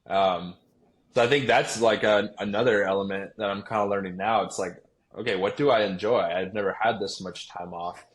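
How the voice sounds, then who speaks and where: A young man talks loosely in a podcast interview, his voice sitting on the low side. He rambles, restarts sentences and leans on fillers as he thinks aloud. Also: fairly even intonation, normal speed. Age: young adult. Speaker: guest, pro baseball player. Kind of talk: casual interview chat.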